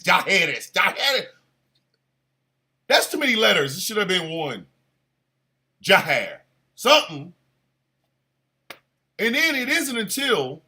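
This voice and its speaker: A man delivers a crude, playful comedic rant in a high, bright voice. He takes his time with the words, then breaks into exaggerated shouted bursts. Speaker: show host.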